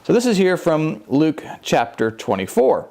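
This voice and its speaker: A man's voice: on the high side, huge pitch swings, unhurried, gravelly, darkish tone. A man preaching a conversational sermon, telling the story with animation and acting out the people in it. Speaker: pastor.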